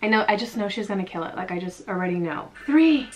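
Young woman vlogger, excitable reaction host, tense bright tone. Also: mid-range voice, very fast. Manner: gushing, excitable, swings into laughing shrieks. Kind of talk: casual reaction commentary.

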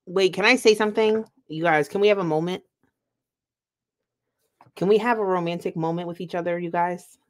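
A woman's voice: on the low side, fairly even intonation, normal speed, long pauses. A woman hosting a live-stream reaction, talking in a chatty, emphatic way and laughing often.

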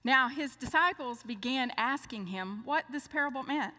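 An older woman preaching a sermon, telling a lively story and acting out the dialogue. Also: sits high, moderate pace. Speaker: speaker. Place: church. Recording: long church hall reverb.

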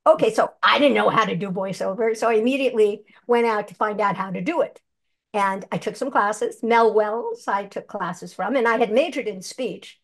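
A woman's voice: mid-range voice, moderate pace. An older woman, a seasoned actress and voice performer, telling stories animatedly in an interview. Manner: animated, chatty storyteller who acts out quotes. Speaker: guest, actress and voice actor. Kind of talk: conversational interview.

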